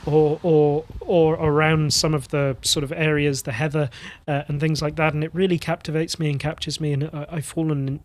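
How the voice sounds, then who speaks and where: Earnest man with a soft Cornish accent. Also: a little high, level tone. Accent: Cornish softened by East Clare. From Cornwall, England. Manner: earnest, candid, with swearing and frequent fillers; halting, restarts often. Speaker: blacksmith guest. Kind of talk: casual podcast interview.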